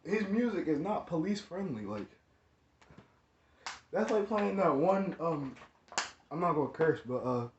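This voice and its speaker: A man's voice: on the high side, lively intonation, a little slow, pauses often. Young Philly guy telling a story. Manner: slangy, rambling, full of "like" and "you know what I'm saying". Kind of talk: casual storytime. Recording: echoey room, dull lo-fi sound, faint noise.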